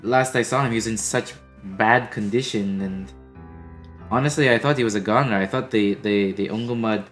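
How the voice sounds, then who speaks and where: A man voicing a worried, guilt-ridden woman adventurer in a tabletop game, speaking haltingly with many restarts. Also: lowish voice, soft background music, lightly acted. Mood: worried, guilty.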